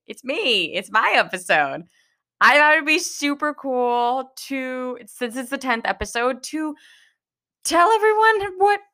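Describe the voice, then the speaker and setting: A woman's voice: on the high side, sharp tone, smooth. A young woman hosting a casual solo podcast from home, nervous and giggly, rambling with restarts. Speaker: podcast host. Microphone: home recording.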